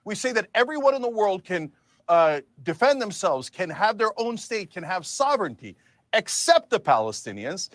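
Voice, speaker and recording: A man in a televised debate makes heated, emphatic points and asks rhetorical questions. His voice is high and swings widely in pitch. The sound is dry and close, with almost no room echo. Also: very animated, normal speed, fairly bright tone. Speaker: debate guest in a TV interview clip. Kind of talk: impassioned political argument.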